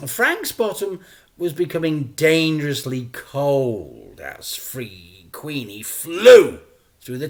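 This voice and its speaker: A male teacher reading a children's story aloud in a playful, expressive way. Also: mid-range voice.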